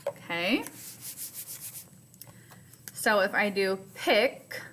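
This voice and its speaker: Female teacher, patient phonics lesson, slow delivery, bright tone. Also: medium pitch, sing-song, slight background noise. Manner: slow, patient, explains step by step. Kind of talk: recorded remote phonics lesson.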